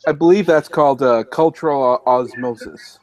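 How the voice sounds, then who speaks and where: A Canadian man from Alberta in a casual group chat, speaking haltingly and repeating words. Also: mid-range voice, a little mellow.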